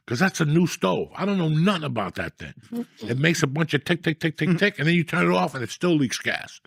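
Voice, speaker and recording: A middle-aged man tells rambling, profane stories in a blunt, casual way. His voice is gravelly and husky. The sound is dry and close, with no room echo. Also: fairly high pitch, lively intonation, fast, a bit bright. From New Jersey. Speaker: storyteller guest. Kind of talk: casual storytelling chat.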